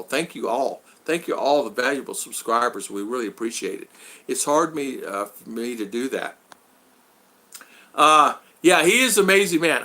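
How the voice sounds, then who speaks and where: A man hosts a casual live stream, rambling along and thanking viewers one at a time. His voice is medium-pitched with a sharp tone, and it's turning hoarse after hours of talking.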